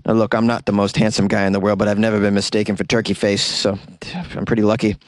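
A man's voice: lowish voice, monotone, fast talker, no room sound, clean studio sound. A man hosting a comedy news podcast, reading stories aloud and breaking off into sarcastic rants, recorded in a small closet.

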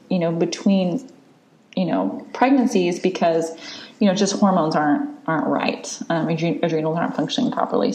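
A woman's voice: on the low side, darkish tone, echoey room. A woman in her thirties, a podcast host, candidly telling a long personal story in casual chat, with lots of fillers and restarts.

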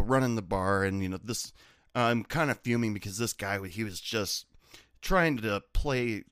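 Male bartender-storyteller, lively swinging pitch, dry close mic, profane and sardonic. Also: no room sound. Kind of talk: casual storytelling.

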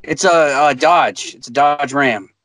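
A man's voice: on the high side, a little slow, fairly bright tone. A man co-hosting a podcast, explaining car repairs in a matter-of-fact, profane way during casual chat. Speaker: podcast co-host.

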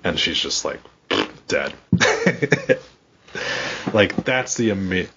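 This low-voiced man speaks very slowly over heavy background noise, with the high frequencies cut away. He's a co-host on a casual wrestling podcast, ranting animatedly and cursing a great deal.

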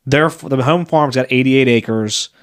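A man of medium pitch hosting a podcast interview. He chats loosely and rambles, often breaking off to restart his sentences. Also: a little slow, clean tone. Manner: chatty and rambling, with frequent restarts. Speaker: podcast host. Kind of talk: casual interview conversation.

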